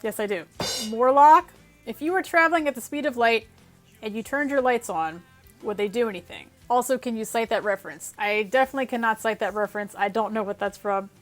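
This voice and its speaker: A woman's voice: a little high, normal speed, soft background music. Chatty woman answering viewer questions. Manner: chatty, self-deprecating, reads questions aloud then answers. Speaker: YouTube channel host answering viewer questions. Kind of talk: casual Q&A chat.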